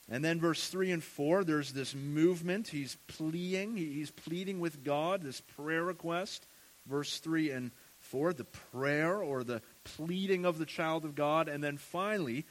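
A man preaching a sermon in an earnest way, often repeating words as he goes. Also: a little high. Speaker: pastor.

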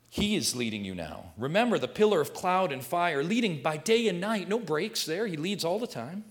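A male pastor preaching a sermon, reading scripture and swinging from hushed, intimate remarks to emphatic, repeated declarations. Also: high-pitched, big pitch swings, moderate pace, hardly any pauses.

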